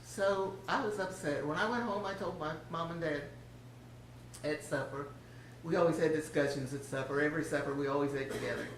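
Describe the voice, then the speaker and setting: A woman's voice: low voice, a little fast, a little hiss or hum. An older woman shares a homey, chatty personal testimony from a church platform. Her voice rings with room echo and sounds distant from the mic, with faint ambience behind. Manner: homey, chatty, laughs often. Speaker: church speaker giving a testimony. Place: church sanctuary.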